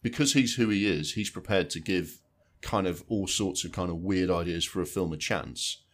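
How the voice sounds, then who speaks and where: Low-voiced man rambling about films. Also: normal speed. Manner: rambling, repeats words while thinking, swears casually. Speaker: film podcast co-host. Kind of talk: casual film review chat.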